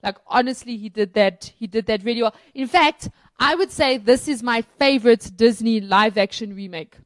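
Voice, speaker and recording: A woman co-hosting a casual film review talks enthusiastically, with many fillers and restarts. Her voice sits a bit high, and the sound is dry and close with no room echo. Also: moderate pace. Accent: South African.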